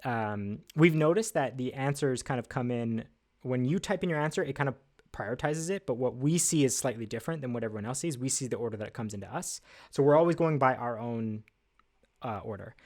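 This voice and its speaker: A man's voice: mid-range voice, lively intonation, brisk, a little mellow. Chatty man hosting a livestream trivia. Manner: chatty, upbeat, self-deprecating, with frequent fillers. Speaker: livestream host. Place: at a desk indoors.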